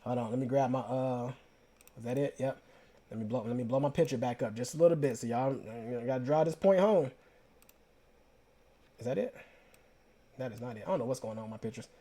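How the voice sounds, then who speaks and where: A young man with an Atlanta Southern accent telling stories casually to the camera, slangy and animated, repeating himself. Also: medium pitch, brisk, long pauses. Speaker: vlogger.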